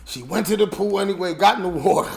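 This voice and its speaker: A man hosting a podcast, telling family stories in an animated way and acting out relatives in quotes. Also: high-pitched, quick pace, vocal fry, a crowd in the background. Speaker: podcast host. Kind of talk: casual storytelling chat.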